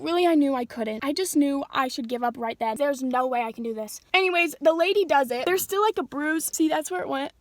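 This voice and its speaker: A woman's voice: high voice, expressive, brisk, few pauses, dry recording. A woman vlogger retelling a story in a casual, rambling way, full of fillers and emphatic asides, recorded on a phone. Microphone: phone camera.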